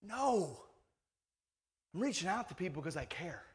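A man's voice: sits high, big pitch swings, a little slow. A male pastor preaching a sermon in a conversational, emphatic way, full of rhetorical questions.

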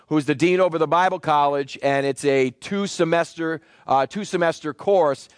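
High-voiced pastor teaching a sermon. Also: male voice, no room sound. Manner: call-and-response with the congregation; explanatory, citing scripture verses.

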